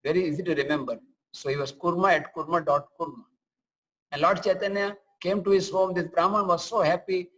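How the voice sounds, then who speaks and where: A man's voice: fairly high pitch, fairly bright tone, rough recording. A man giving a scripture lecture, telling stories and chanting verses. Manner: storytelling, chants and sings verses. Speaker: preacher.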